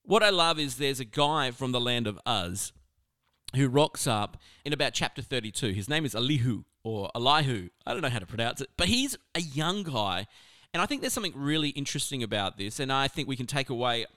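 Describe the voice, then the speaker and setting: A man giving a casual, conversational sermon on scripture, animated and full of asides. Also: medium pitch, brisk, no room sound, clean studio sound. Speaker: preacher.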